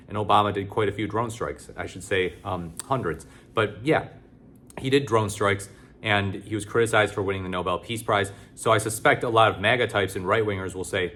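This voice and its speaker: A man's voice: lowish voice, fairly quick, a bit bright. A man giving casual, sarcastic political commentary, blunt and loose with many fillers.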